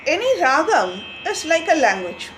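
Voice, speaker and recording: A woman's voice: high voice, very animated, normal speed, a bit bright, soft background music, low-quality recording. A woman, a Carnatic vocalist, explaining how she tunes lyrics and breaking into sung phrases to show it. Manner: explains, then sings phrases to demonstrate. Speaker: Carnatic vocalist and music teacher. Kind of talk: online music lesson with sung examples.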